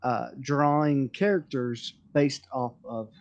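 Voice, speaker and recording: A joking, rambling man hosts a casual group voice chat and stumbles through fillers and restarts. His voice sits at a middling pitch. The stream audio sounds dull and lo-fi. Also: steady tone, slow. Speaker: stream host leading a drawing session.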